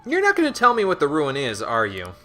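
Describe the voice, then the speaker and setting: This streamer's voice sits on the high side, pushed and bright, with huge pitch swings and a fast delivery. He's doing casual let's-play commentary, sarcastically joking at the characters while game music plays underneath.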